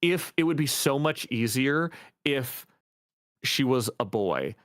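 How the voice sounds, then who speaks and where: A man's voice: medium pitch, animated, slow pace, a bit bright, dry recording, clean studio sound. A man in a book club chat, rambling and joking as he explains. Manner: rambling, jokey. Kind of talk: casual group chat.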